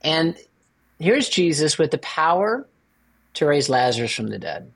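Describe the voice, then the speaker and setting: A man's voice: big pitch swings, measured pace, creaky, fairly bright tone. A man co-hosting a faith podcast as a priest, chatting casually and joking with playful asides. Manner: playful, jokes with sudden high-pitched asides.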